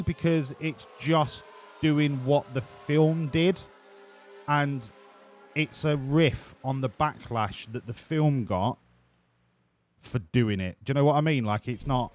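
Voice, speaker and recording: Male streamer, casual sweary running commentary, average pitch. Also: takes it slowly, a little hiss or hum. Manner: crude, rambling, sweary.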